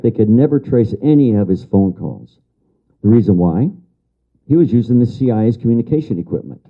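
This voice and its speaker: An older man lectures to an audience in a storyteller's way, repeating key phrases for emphasis and answering remarks from the room. His voice sits at a middle pitch, and the lecture recording sounds somewhat dull and lo-fi.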